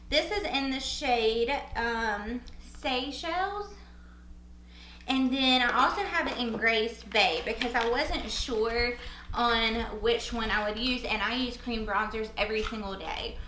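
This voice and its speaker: Bubbly young woman vlogger, bright voice. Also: a little high, echoey room, slight background noise, low-quality recording. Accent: Southern US. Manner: bubbly, chatty, laughs at herself. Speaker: beauty vlogger. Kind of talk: casual makeup tutorial chat.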